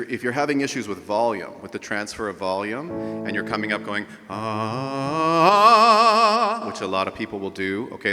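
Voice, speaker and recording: A man's voice: on the low side, pushed and bright, long reverb tail. A man teaching a live group voice lesson as a vocal coach, explaining technique and demonstrating sounds.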